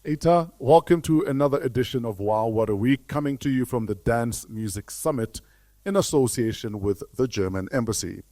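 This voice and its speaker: Host role: South African-born man, lively interviewer, mellow tone, dry studio sound. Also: mid-range voice, moderate pace, no echo. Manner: lively, playful introductions. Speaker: podcast host. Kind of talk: upbeat interview hosting.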